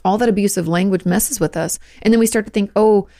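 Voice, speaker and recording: A woman's voice: medium pitch, fast talker, creaky, mellow. A woman therapist hosting a podcast, talking frankly and casually with lots of "like" fillers. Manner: conversational, frank, many "like" fillers. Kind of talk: casual advice talk.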